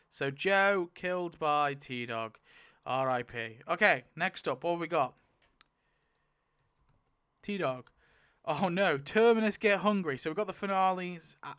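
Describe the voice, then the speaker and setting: A man thinking aloud in casual commentary as he spins a wheel to rewrite a story, swinging to loud outbursts. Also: a little high, smooth. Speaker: YouTuber.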